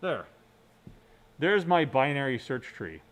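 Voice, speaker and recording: A man's voice: medium pitch, sing-song, takes it slowly. Guy lecturing on data structures, keeps asking "right?", mumbles a bit while clicking around. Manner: explains step by step, often asks "right?"; mutters quietly to himself while working on screen. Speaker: university lecturer. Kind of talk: recorded computer science lecture.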